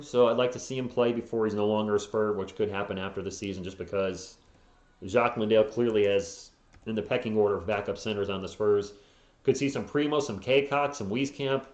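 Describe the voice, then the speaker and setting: A man's voice: lowish voice, brisk. A man hosting a live fan stream, calling play-by-play and chatting casually with viewers between plays, often chuckling. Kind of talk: fan play-by-play commentary with chat replies. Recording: roomy, slightly dull home stream audio.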